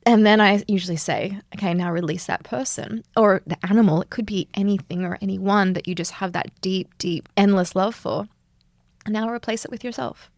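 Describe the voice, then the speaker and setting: A woman's voice: medium pitch, normal speed, gravelly, no echo, clean studio sound. A woman from Australia, a yoga teacher talking earnestly and animatedly as a guest in a reflective interview, laughing often.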